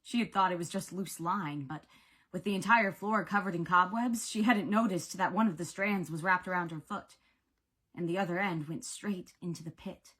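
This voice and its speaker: A woman's voice: fairly low pitch, normal speed, fairly bright tone, slightly rough. A woman reading a novel aloud with dramatic, varied pacing. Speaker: audiobook reader. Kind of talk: expressive book narration.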